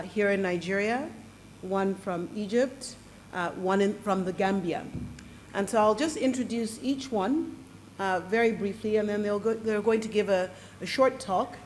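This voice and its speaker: A woman moderates a conference panel, a little muffled from a cold, introducing speakers in a friendly, brisk way. A faint room ambience hums behind her. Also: medium pitch, slight background noise. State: has a cold, slightly muffled. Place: conference hall.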